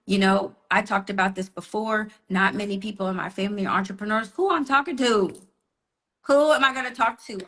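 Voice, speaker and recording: A woman business coach giving a motivational live talk, telling stories with animation and talking straight to her listeners. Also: medium pitch. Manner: animated storytelling, calls listeners "y'all" and "honey". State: slight cold.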